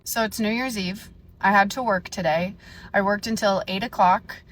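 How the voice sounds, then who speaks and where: A young woman telling a story in a casual rant, animated and indignant, acting out the dialogue. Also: mid-range voice, moderate pace, slight background noise. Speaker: storyteller vlogger.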